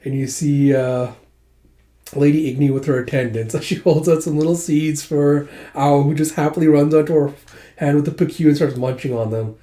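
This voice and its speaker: A man's voice: a little high, steady tone, moderate pace, mellow. A young man casually retelling a comic story, full of fillers and a loose narration style. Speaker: manga readthrough host. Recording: echoey room.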